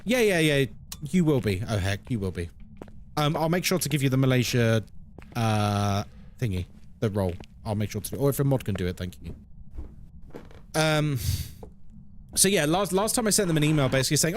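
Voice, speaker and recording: A man's voice: mid-range voice, expressive, normal speed, long pauses, slight background noise. A man in his thirties, a live-streamer casually chatting with his viewers and answering chat playfully. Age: 30s.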